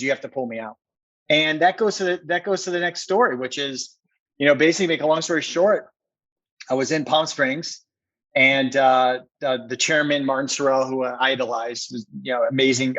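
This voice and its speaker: A man's voice: medium pitch, fairly bright tone, no room sound, muffled recording. A man, a company co-founder, telling a personal story as a podcast guest, earnest and repeating words for emphasis.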